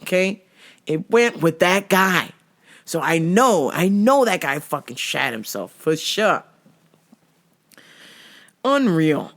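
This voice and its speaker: A woman hosting her own show, telling a comic story in profane, animated language and laughing often. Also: on the low side, slow, pauses often. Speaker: podcast host.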